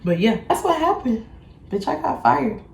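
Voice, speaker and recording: A young woman in her twenties telling a casual storytime vlog, blunt, profane and animated. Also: fairly high pitch, normal speed, gravelly. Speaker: beauty vlogger. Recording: echoey room.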